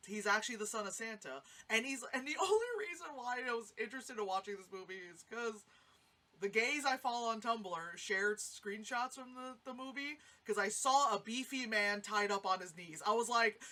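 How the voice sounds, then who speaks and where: Bright-voiced rambling woman reviewing movies. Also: on the high side, normal speed. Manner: rambling, animated, swears freely, acts out quotes. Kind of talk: casual spoken movie review.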